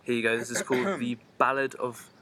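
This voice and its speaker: A man's voice: mid-range voice, flat delivery, brisk, a crowd in the background. A man, a podcast co-host, chatting casually in a hesitant, self-mocking way. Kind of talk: casual chat.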